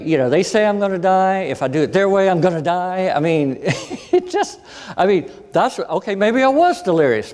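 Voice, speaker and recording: A man giving a storytelling lecture as a guest speaker, animated and acting out the voices of people he quotes. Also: fairly high pitch. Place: conference hall. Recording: long hall reverb.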